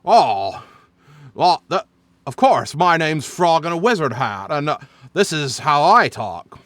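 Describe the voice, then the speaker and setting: A man's voice: fairly high pitch, sing-song, slow pace, fairly bright tone, dry recording, voice pushed up, full character voice. A man voicing a folksy male frog wizard in a drawling old-film-star impression, in a tabletop game.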